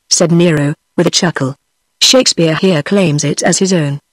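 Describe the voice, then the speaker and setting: A text-to-speech woman's voice with a British English accent, reading a novel aloud in a steady, even manner that gives every character the same voice. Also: sits low, moderate pace, no echo. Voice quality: synthetic, even computer voice. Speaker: audiobook narrator.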